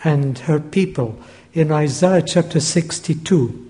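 A man preaching a Bible teaching sermon, measured and deliberate, repeating key phrases for emphasis, recorded in a large church hall. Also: fairly high pitch, dark tone. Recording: long hall reverb.

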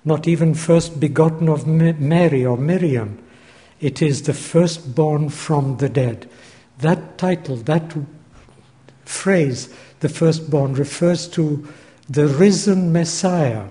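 A man preaching a Bible teaching sermon, measured and deliberate, repeating key phrases for emphasis, recorded in a large church hall. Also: on the high side, dark tone. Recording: long hall reverb.

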